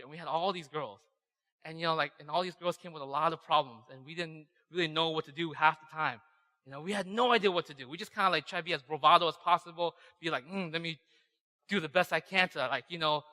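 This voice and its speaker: A male pastor talks quickly and brightly, his slightly high voice carrying through a church hall with a long echo. He tells his story in a lively, chatty way and keeps asking the room "right?". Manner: animated, conversational, tags lines with "right?". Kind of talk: sermon storytelling.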